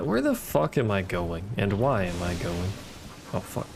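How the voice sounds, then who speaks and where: A man talks his way through a game in a low, gravelly voice with a dry, sarcastic edge. He mutters to himself and swears at the game as he goes. Game music plays clearly behind him. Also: wildly swooping pitch, unhurried. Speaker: gaming streamer. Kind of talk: casual gameplay commentary.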